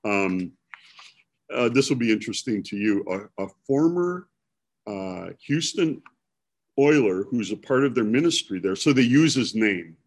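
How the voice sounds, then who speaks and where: A man's voice: fairly low pitch, animated, unhurried. A man from Milwaukee, preaching in a casual, rambling storytelling way with self-deprecating humor.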